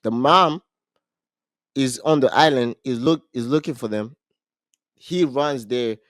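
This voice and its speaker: A man co-hosting a casual podcast, retelling a movie plot in an animated way, with frequent restarts. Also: medium pitch, slow, no echo, clean studio sound. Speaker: podcast co-host.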